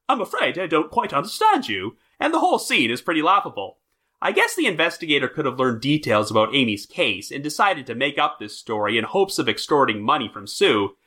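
A man's voice: medium pitch, sharp tone. A man hosting a true crime podcast, reading prepared notes in a wry, storytelling manner. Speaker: podcast host.

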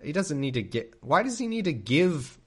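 A man's voice: a little high, big pitch swings, normal speed, breathy edge. Joking man reading and riffing. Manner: joking, laughing, rambling with restarts. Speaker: podcast host. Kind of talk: comedic Bible reading and commentary.

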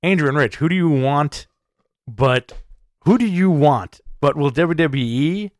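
A man's voice: fairly high pitch, expressive, unhurried, no echo, studio quality. A man co-hosting a casual live stream, reading viewer questions with wry, laid-back asides.

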